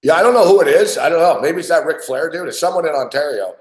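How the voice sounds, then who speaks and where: A man's voice: fairly high pitch, lively intonation, quick pace. A man hosting a podcast, telling a rambling story in casual chat with lots of swearing. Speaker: podcast host. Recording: roomy echo.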